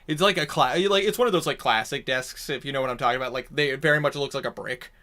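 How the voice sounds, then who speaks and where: A man's voice: mid-range voice, fast talker, bright, forceful tone. A man narrating a tabletop game as game master, in a rambling, descriptive way.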